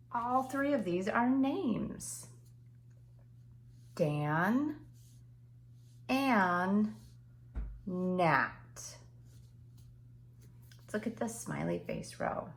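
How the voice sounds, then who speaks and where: A woman teacher giving a slow phonics lesson to young children, patiently stretching out each sound and word. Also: lowish voice.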